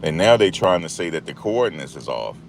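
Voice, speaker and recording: A YouTube commentary host with a bass voice runs a casual monologue, chatty and repetitive, laughing at the story he's telling. He speaks briskly in a sing-song way with vocal fry, and there's a little hiss or hum.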